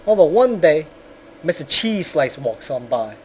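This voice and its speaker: A man's voice: on the high side, big pitch swings, normal speed, darkish tone, slight background noise. A man giving a blunt, profane, rambling commentary on a video game.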